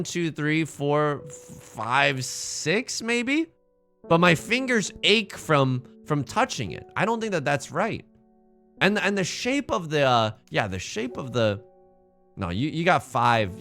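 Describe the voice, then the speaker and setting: A man's voice: on the high side, sing-song, slow, fairly bright tone, soft background music. A man streaming a game, joking around and reading the game's text aloud in silly voices. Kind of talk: casual game commentary.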